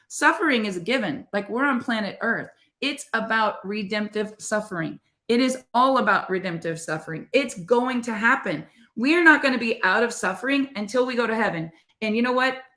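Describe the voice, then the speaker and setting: A woman's voice: on the high side, fairly bright tone. Middle-aged woman podcast co-host, earnest motivational faith talk, casual delivery, roomy echo. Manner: earnest, conversational, addresses listeners as "you guys".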